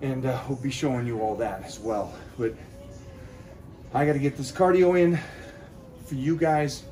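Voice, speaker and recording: A man mid-cardio, short of breath, talking straight to his fans in a pumped-up pep talk. His pitch sits in a middling register, and he grabs a breath after every sentence or so. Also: normal speed, mellow, a little hiss or hum. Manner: pep-talk, addresses viewers directly. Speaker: fitness vlogger. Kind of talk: motivational vlog talk.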